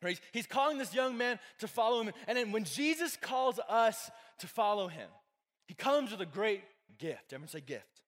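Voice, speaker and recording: A man's voice: high-pitched, sing-song, moderate pace, fairly bright tone. A young man giving a casual youth sermon, chatty, full of fillers and joking with the crowd. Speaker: youth pastor. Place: church hall with a live audience. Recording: long hall reverb.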